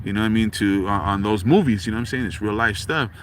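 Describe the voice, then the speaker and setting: A man from California, hosting a casual livestream outdoors by a lake and telling a story in a rambling, animated way full of fillers. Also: on the low side, quick pace, a little hiss or hum, rough recording. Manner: rambling, animated, full of fillers like "you know what I'm saying". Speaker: livestream host.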